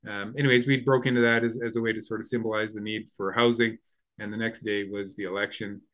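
A man's voice: lowish voice, flat delivery, fast talker, fairly bright tone. Man, memorial speaker on a video call, casual and rambling. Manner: rambling storyteller with many fillers. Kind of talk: casual spoken recollection.

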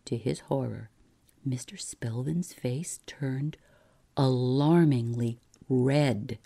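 Deep, slow woman storyteller. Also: vocal fry, warm tone. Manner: soothing, measured narration. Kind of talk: slow bedtime story reading.

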